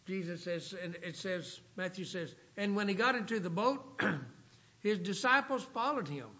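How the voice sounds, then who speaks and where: A man preaching a sermon, reading scripture aloud and slowing down for emphasis. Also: high-pitched, pushed and bright. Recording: dull lo-fi recording.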